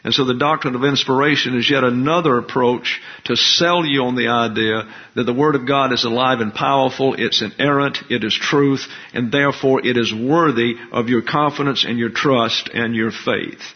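Deliberate man teaching a Bible class. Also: medium pitch. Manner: deliberate, explains Greek terms slowly. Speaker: pastor teacher. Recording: dull lo-fi recording.

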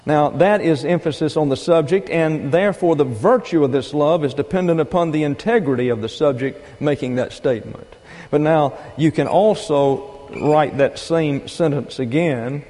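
An older man delivers a sermon in a deliberate, emphatic teaching manner. His voice sits slightly high but sounds mellow and dark. Long reverb from a large hall trails every phrase. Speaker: preacher.

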